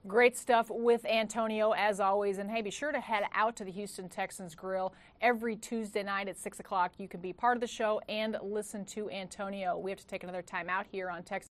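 A woman's voice: mid-range voice, steady tone, fairly quick, hardly any pauses. Woman doing polished tv sports host links. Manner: polished, promotional. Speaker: show host. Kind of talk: scripted broadcast hosting.

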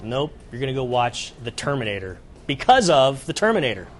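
Man, sports show co-host, animated storyteller, faint noise behind. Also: mid-range voice. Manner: animated storyteller, does a quick impression. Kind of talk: casual sports show chat.

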